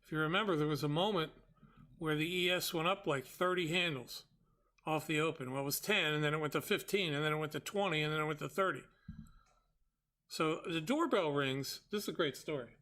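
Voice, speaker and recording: Male host, slightly high, sharp voice; animated, exasperated storyteller. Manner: exasperated, quick retelling with quoted dialogue. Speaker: trading show host.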